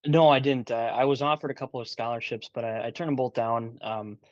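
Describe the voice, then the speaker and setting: A man's voice: mid-range voice, fairly even intonation, brisk, no room sound. A man in his twenties, a guest in a casual interview chat, talking hesitantly with lots of fillers and restarts. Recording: dull dry sound.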